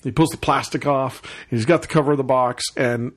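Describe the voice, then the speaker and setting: A man hosting a podcast, telling a casual anecdote in an animated way, acting out the people he quotes and chuckling often. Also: medium pitch, brisk. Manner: chuckles often while talking. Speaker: podcast host.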